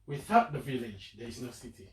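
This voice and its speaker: A man's voice: mid-range voice, fairly quick, darkish tone. A man in a casual discussion, emphatic and repeating phrases to drive his point. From Africa. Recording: echoey room, distant mic, faint ambience.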